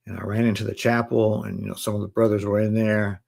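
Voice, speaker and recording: A man in his forties casually telling listeners his life story on a live stream, in relaxed slang. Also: fairly low pitch, quick pace, creaky. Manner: relaxed street slang, addresses listeners as bro. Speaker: live stream host sharing his testimony.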